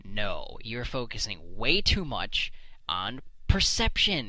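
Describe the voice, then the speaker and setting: Man, opinion rant, emphatic and blunt, dry close sound, animated intonation. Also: fairly low pitch, slow pace, no echo, rough recording. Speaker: solo commentary host. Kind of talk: unscripted opinion monologue. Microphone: desk microphone.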